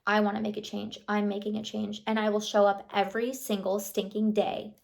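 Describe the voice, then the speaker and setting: A woman's voice: mid-range voice, level tone, brisk, gravelly. A woman in her thirties vlogging to camera in a casual, motivational chat, chatty and affirming, full of "like" and "you know".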